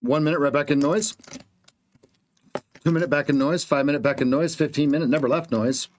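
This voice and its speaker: A man's voice: a little high, steady tone, fairly quick, a little mellow, a little hiss or hum. Blunt man calling live trades. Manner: clipped, blunt market calls with slang. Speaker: trading coach streaming live. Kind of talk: live trading commentary.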